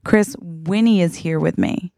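Animated, laughing woman podcast co-host. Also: on the low side, unhurried, gravelly, dry recording, clean studio sound. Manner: chatty and animated, laughs often. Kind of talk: casual chat.

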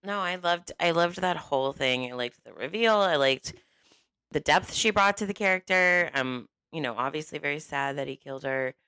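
A woman's voice: low-pitched, expressive, moderate pace, pushed and bright, clear, resonant tone, no room sound. A woman co-hosting a podcast roundtable, chatting with enthusiasm and laughing often. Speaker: podcast co-host. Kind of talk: casual roundtable chat.

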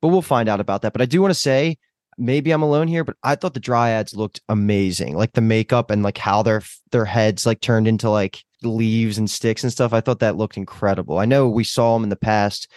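A man's voice: lowish voice, a little fast, darkish tone, dry recording, studio quality. A man co-hosting a show discussion, enthusiastic and full of "like" fillers. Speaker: podcast co-host. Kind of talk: casual chat.

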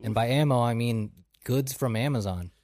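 A man ranting sarcastically in casual podcast talk, swearing freely. His voice is dark and mellow. The sound is dry and close. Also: mid-range voice, normal speed, no room sound. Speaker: podcast co-host. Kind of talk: casual chat.

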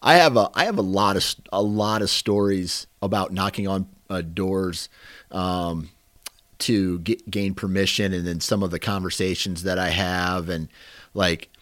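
A man on a podcast telling animated stories about hunting and laughing easily. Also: deep voice, a little slow, no room sound. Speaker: podcast co-host, hunter. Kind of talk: casual storytelling.

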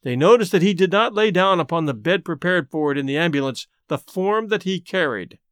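A man who hosts a podcast, narrating a classic short story in a measured, unhurried way. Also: high-pitched, lively intonation, a bit bright, clear, resonant tone, no echo, studio quality.

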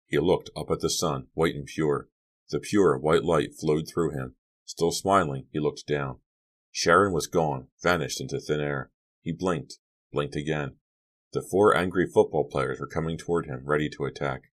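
Male audiobook narrator, very deep voice, steady and dramatic read. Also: normal speed. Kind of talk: scripted narration.

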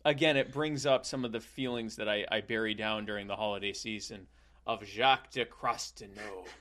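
A young man improvising a rambling comic story, full of halting restarts and playful asides. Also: on the low side, steady tone, a bit bright, slight background noise.

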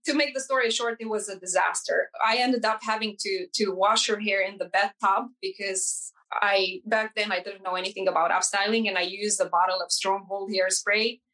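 A woman hairstylist telling a personal story in an interview, earnest and halting, often restarting her sentences and acting out dialogue. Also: mid-range voice, rough recording. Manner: animated, acts out dialogue in quoted voices. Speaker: hairstylist guest.

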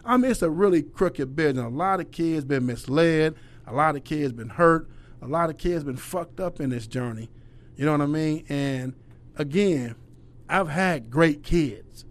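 A middle-aged man, a youth basketball coach, telling stories in casual conversation, profane and animated, acting out the voices of the people he quotes. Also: fairly high pitch.

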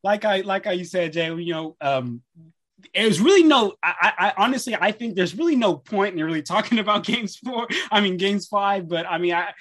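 A man with a notably high voice hosts a casual sports podcast chat. He sounds upbeat and talks in loose slang, laughing often between his lines. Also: animated, moderate pace, fairly bright tone. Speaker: podcast host.

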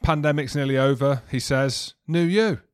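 A man's voice: medium pitch, normal speed, smooth, no room sound, studio quality. A man co-hosting a rugby podcast in casual chat, rambling through jokey stories. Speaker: podcast co-host.

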